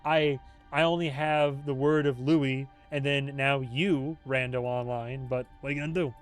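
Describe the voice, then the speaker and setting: A man chatting casually on a livestream, rambling from point to point with easy jokes and frequent laughter. His voice sits at a middling pitch, with soft music playing faintly behind him. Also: fairly even intonation. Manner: rambling, joking, quick to laugh. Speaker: YouTube host, TV show reviewer.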